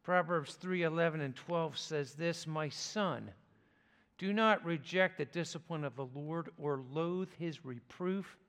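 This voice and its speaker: A man preaching a sermon as pastor, speaking in a slow, measured way with deliberate pauses. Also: on the high side, a bit bright, clean tone. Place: church sanctuary. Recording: long reverb of a church hall.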